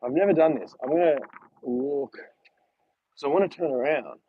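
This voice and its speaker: A man's voice: a little high, moderate pace, breathy edge, phone-quality sound. A man talking casually in a rambling, chatty way while walking outdoors during a livestream vlog, filmed on a handheld phone. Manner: chatty, rambling, laughs while telling stories. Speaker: vlogger.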